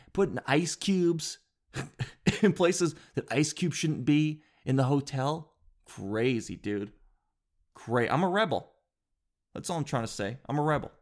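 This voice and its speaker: A man with a mid-range voice tells a comic story as a show host. He rambles in a casual, animated way, often restarting his sentences and filling gaps with small words. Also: mid-range voice. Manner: rambling, animated, with filler words and self-interruptions.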